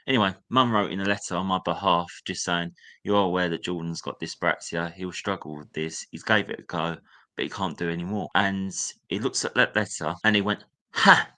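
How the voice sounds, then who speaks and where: Recalling his time at school, a young man shares frank personal stories as a guest, now and then mimicking how a teacher sneered. His deep voice is steady, a little fast, and sharp in tone.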